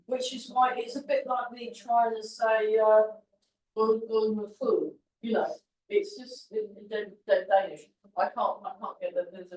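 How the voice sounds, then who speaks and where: A woman's voice: on the high side, darkish tone. A woman teaching a tai chi class, chatty and encouraging as she talks through the moves. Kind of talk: teaching a class while demonstrating. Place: large roomy class hall. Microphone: camera at a distance. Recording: echoey hall from far off.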